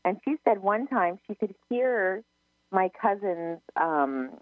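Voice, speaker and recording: A woman's voice: mid-range voice, expressive, slow, no room sound. Chatty woman medium on a phone line. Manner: chatty storyteller, many restarts, quotes herself. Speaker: psychic medium, co-host. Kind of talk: casual radio chat. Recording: narrow phone-line sound, dry.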